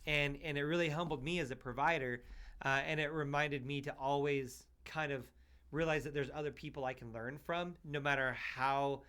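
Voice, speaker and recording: A man who hosts a podcast and works as a paramedic, telling stories in a loose, animated way with lots of "you know" and "like". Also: on the high side, normal speed, smooth. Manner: animated storyteller, full of fillers like "you know" and "like". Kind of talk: casual chat, telling stories.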